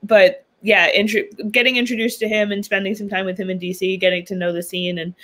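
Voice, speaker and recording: A young woman from New York talks as a guest on a podcast in a loose, chatty way. Her voice is bright and forward, and her sentences are full of fillers and small laughs. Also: mid-range voice, flat delivery, brisk. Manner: chatty, laughs often, many ums and likes. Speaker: podcast guest, political commentator. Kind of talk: casual interview chat.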